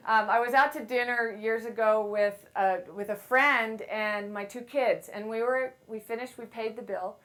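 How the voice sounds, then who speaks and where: A middle-aged woman giving a playful, self-deprecating motivational talk to a live audience on a handheld mic. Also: medium pitch. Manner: playful, self-deprecating storyteller who acts out quotes loudly. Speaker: speaker at a women's event.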